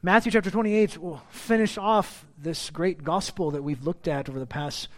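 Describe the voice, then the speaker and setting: A middle-aged man, a pastor preaching a sermon in church, talking in a conversational, self-deprecating way and getting louder when he stresses a point. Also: fairly high pitch, normal speed. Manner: conversational, self-deprecating, rising loud on emphasis.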